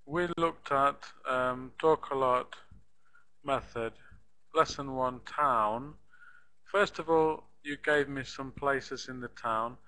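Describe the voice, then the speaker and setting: A man teaching an online English class, explaining grammar and stress slowly and patiently, repeating model phrases for his students. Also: mid-range voice, fairly even intonation, pushed and bright, rough recording.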